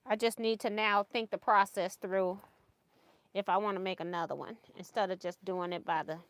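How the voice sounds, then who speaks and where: A woman's voice: medium pitch, fairly even intonation, normal speed, no echo. A woman hosting a casual sewing livestream, chatty and laughing often as she thinks aloud over her project.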